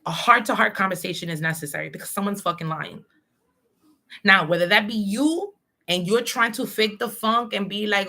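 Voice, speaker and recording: A woman reads tarot for a livestream audience in a bright, forward voice. She talks bluntly and streetwise and swears freely. She slips into preachy advice as she talks. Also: mid-range voice, a little fast. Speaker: tarot reader.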